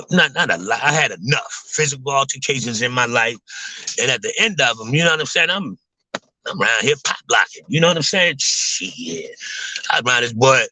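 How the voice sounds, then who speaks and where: A young man talks loosely to his viewers, wandering through his thoughts in street slang and leaning on "man" and "you know what I mean." His voice is bright and forward. The recording is dry and close. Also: medium pitch, no room sound, poor audio. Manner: rambling, laid-back slang with frequent "man" and "you know what I'm saying". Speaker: vlogger talking to viewers. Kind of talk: casual livestream chat.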